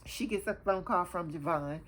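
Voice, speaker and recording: A woman with a lowish voice talks through a TV episode like she's catching up a friend. Her delivery is loose and animated, full of asides and fillers. A faint hiss sits under the voice. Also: moderate pace. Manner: chatty, animated retelling with many fillers. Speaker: TV show reviewer, host. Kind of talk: casual episode recap.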